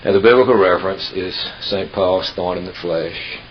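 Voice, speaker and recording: A man preacher giving a sermon, telling humorous stories in an unhurried, folksy way with emphatic pauses. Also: deep voice. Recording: dull lo-fi tape with hiss.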